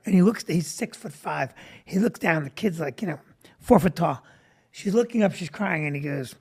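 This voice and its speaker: A man's voice: sits high, normal speed, a little mellow, breathy edge. A middle-aged man hosting a chat show as a comedian, telling stories in a joking, self-deprecating way. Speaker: comedian and host.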